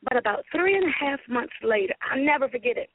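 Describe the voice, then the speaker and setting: A woman from Richmond, Virginia, a guest singer telling stories in a casual radio interview with lively energy. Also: sits high, quick pace, crowd noise. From Richmond, Virginia, USA. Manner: animated, acts out quoted voices. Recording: phone-like radio interview audio.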